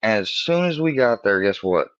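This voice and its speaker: A man in his thirties tells a rambling, profane story in a casual tone, often laughing and jumping higher to mimic his friends. His voice sits very low. The recording is dry and slightly dull. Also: big pitch swings, normal speed, fairly bright tone, no echo. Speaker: podcast host.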